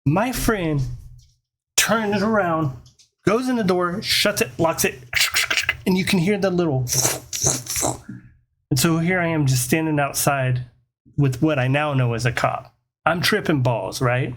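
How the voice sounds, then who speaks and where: A young man casually telling a wild story from his past, animated and swearing freely. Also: a little high, unhurried, long pauses, a little hiss or hum.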